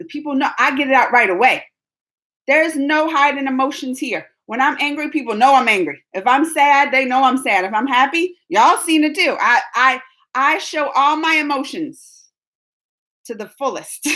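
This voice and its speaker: A young adult woman hosting her channel, answering viewer questions in a casual, talkative way and laughing often. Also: high voice. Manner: animated and talkative, laughs often, restarts sentences. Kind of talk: casual livestream chat.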